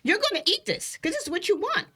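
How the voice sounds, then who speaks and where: Bright-voiced blunt woman podcaster. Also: very high voice, fast talker. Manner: emphatic, blunt, animated storytelling. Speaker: podcast co-host. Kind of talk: casual podcast chat.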